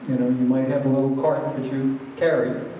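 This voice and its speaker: A man's voice: medium pitch, level tone, brisk, a little hiss or hum. A man giving a training presentation, telling a story in a conversational, wry way. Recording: echoey hall from far off, dull lo-fi.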